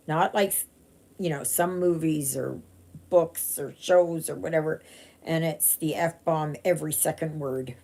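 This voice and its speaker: A woman with a low, gravelly voice talks slowly through a relaxed live stitching chat. She rambles, trails off and restarts often, with plenty of ums along the way. Her tone stays unhurried and conversational. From Canada. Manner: rambling, chatty, many fillers and restarts. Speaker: cross-stitch vlogger.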